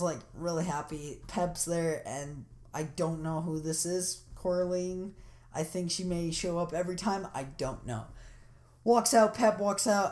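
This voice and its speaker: Rambling, chatty woman commenting on a game. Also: on the low side. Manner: rambling, loose and chatty with many fillers; excited and enthusiastic. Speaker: gameplay commentator. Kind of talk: casual video game commentary.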